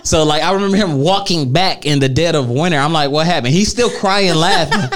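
A man's voice: a little high, a little fast, a crowd in the background. A man co-hosting a casual chat, joking and laughing through his replies. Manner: jokey banter, laughs through his lines. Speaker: podcast co-host.

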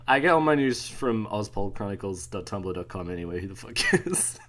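A man's voice: on the low side, very animated, moderate pace, fairly bright tone. A man with an Australian accent co-hosting a podcast, telling rambling stories and swearing freely. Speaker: podcast co-host. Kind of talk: casual podcast chat.

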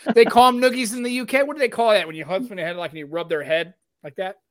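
A man's voice: sits high, steady tone, racing, fairly bright tone, no echo, clean studio sound. A male podcast host in casual chat, rambling and chatty, swearing freely.

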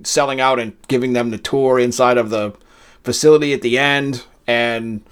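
A man's voice: medium pitch, fairly even intonation, normal speed, clear, resonant tone. Chatty man from Massachusetts, rambling. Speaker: podcast co-host. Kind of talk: casual chat.

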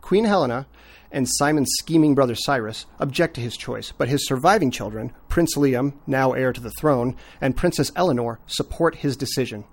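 A man co-hosting a podcast in casual chat, measured and dry, with deliberate delivery. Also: medium pitch, lively intonation. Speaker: podcast co-host.

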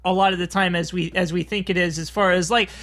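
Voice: medium pitch, fairly even intonation, quick pace, a bit bright. A podcast co-host talking about a film in a rambling way, full of fillers. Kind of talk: casual film discussion.

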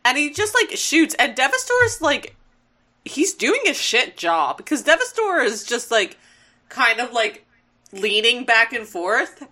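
A woman's voice: a little high, big pitch swings, measured pace, pushed and bright. A woman chatting casually as a podcast co-host, recapping a cartoon episode with amusement and quoting the characters' lines. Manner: amused, quotes characters in bits.

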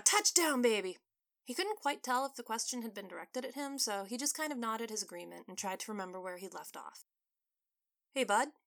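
A woman author narrating her own story in an even, scripted way. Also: mid-range voice.

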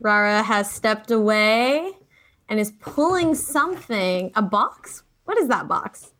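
A woman's voice: medium pitch, animated, slow, a bit bright. A young woman co-hosting a podcast, telling stories in chatty casual talk full of fillers. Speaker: podcast co-host. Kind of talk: casual chat.

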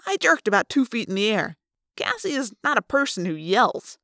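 A woman reading a first-person novel aloud as an audiobook, lively and rising for the dialogue. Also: fairly high pitch, moderate pace, dry recording, clean studio sound. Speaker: audiobook reader.

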